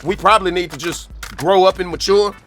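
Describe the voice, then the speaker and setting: A man's voice: high-pitched, a little fast, fairly bright tone. A man giving blunt, frustrated commentary about a game, swearing casually. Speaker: gaming commentator in a played clip. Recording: music playing clearly underneath.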